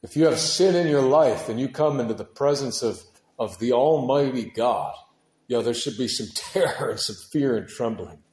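A man preaching a sermon with passion, moving from hushed, heavy passages to loud, urgent ones, and dropping casual words like dude and man. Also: medium pitch, expressive, normal speed, echoey room. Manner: impassioned, swings from hushed to shouting.

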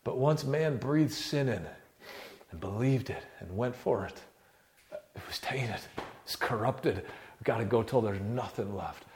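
A man delivers a sermon in a mid-pitched voice, talking casually with plenty of fillers. He drops to hushed, low murmurs, then climbs to loud, impassioned peaks. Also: a little slow, background noise. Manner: casual slangy preaching with many fillers. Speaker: preacher.

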